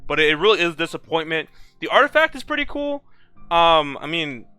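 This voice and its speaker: Young man, heated profane rant, crisp clear voice, dry close recording. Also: on the high side, very animated, a little fast, sharp tone, no echo, faint music behind. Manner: profane, heated ranting with frequent restarts. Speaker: gaming video creator. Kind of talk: casual ranting vlog.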